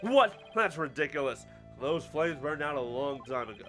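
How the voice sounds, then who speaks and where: Cocky young game rebel, dismissive and evasive, read by a man with a high, lively voice. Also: normal speed, faint music behind. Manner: casual, dismissive drawl, talks with mouth full.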